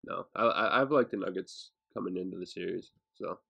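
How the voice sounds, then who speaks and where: A man co-hosts a casual sports podcast in an easygoing, agreeable way. His voice is very low, gravelly and husky. The recording sounds dull and muffled. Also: brisk, bright, forceful tone. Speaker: podcast co-host.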